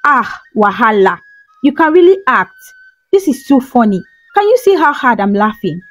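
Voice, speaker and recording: A teasing, amused wife and mother, voiced by a woman storyteller. Her voice is fairly high and lively. Soft music sits underneath. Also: moderate pace.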